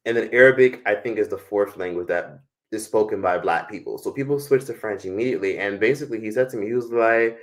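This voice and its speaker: A man's voice: lowish voice, fast talker. A young American man hosting a live stream, talking casually in a rambling, profane way with lots of fillers. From United States.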